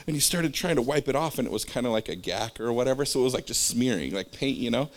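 Quick and animated, this man speaks at a medium pitch as he delivers a loose, informal religious talk. He hops from one personal story to another and back again, chatting with lots of fillers.

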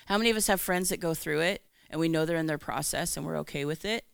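A woman giving a candid, animated personal faith testimony, acting out her own lines of dialogue as she tells it. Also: low-pitched, fast, vocal fry, smooth, dry recording. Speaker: Christian speaker.

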